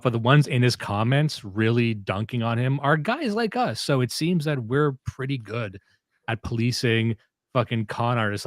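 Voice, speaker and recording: A man hosting a podcast in casual chat, crude and profane, excitable, jumping between topics. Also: mid-range voice, no room sound, clean studio sound. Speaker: podcast host.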